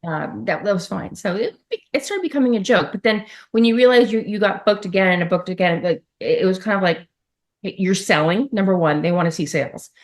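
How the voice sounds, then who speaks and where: A woman's voice: medium pitch, animated, a little fast. A middle-aged woman talking casually as a podcast guest, telling stories in a chatty way with asides. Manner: chatty, storytelling, with laughs and asides. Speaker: podcast guest, former model. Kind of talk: casual interview chat.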